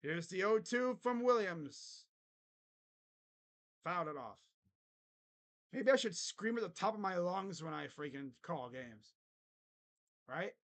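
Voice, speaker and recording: A man's voice: high-pitched, fairly bright tone. A man giving a casual live reaction play-by-play of a baseball game on a stream, brashly trash-talking his chat between calls. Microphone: close desk streaming mic.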